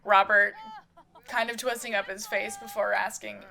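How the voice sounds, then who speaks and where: Bright chatty woman narrator. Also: medium pitch, flat delivery, moderate pace, gravelly. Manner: chatty narration with asides and laughs. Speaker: narrator and voice actor of a fan soap opera. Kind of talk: casual narration of a life-sim drama.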